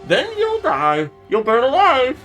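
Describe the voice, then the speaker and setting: A woman's voice: high-pitched, wildly swooping pitch, unhurried, fairly bright tone, faint music behind, voice pushed up, full character voice, low-quality recording. A woman voicing a pompous, condescending man who holds a girl captive, mocking and scolding her as she reads a visual novel aloud. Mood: menacing. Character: pompous condescending male captor, adult. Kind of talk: dramatic reading of a visual novel.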